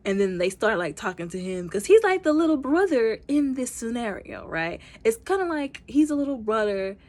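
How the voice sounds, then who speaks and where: A woman giving a casual movie review, talking in a chatty, animated way full of slang and fillers. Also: fairly high pitch, moderate pace. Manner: animated, acts out scenes in quoted voices.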